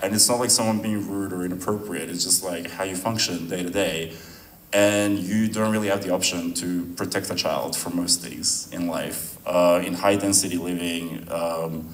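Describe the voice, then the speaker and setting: Filmmaker at a post-screening Q&A: man, very low voice, relaxed and rambling, caught roomy and a bit distant. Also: normal speed. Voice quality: relaxed, rambling, laughs often. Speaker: filmmaker answering audience questions. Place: venue hall at a screening. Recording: roomy sound from a distant mic, faint noise.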